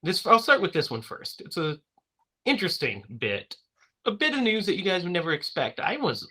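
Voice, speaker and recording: Bright-voiced upbeat podcast host man. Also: a little high. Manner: upbeat, laughs often. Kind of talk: casual podcast chat.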